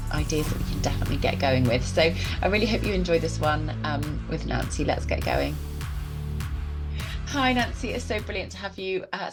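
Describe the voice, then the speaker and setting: Lady podcast host, encouraging, kinda low voice, music under the intro. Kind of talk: podcast interview.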